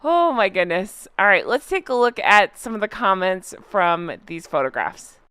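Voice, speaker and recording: A woman's voice: mid-range voice, lively intonation, normal speed, fairly bright tone, clean tone, no room sound, clean studio sound. Chatty, amused woman host. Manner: chatty, amused, frequently laughing; reads out online posts aloud. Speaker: commentary channel host. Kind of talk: casual reaction commentary.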